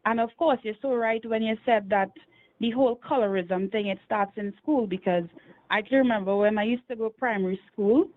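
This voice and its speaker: A woman's voice: on the high side, brisk. A woman from Trinidad and Tobago, calling in to a talk show and earnestly laying out her points one by one. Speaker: caller. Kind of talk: call-in opinion over the phone. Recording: tinny phone line.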